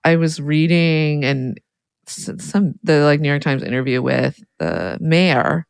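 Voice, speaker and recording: A woman's voice: low-pitched, lively intonation, slow, gravelly, clear, resonant tone, no echo. Wry, offhand woman co-hosting a podcast. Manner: wry, offhand, with fillers and trailing asides. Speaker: podcast co-host. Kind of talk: casual podcast chat.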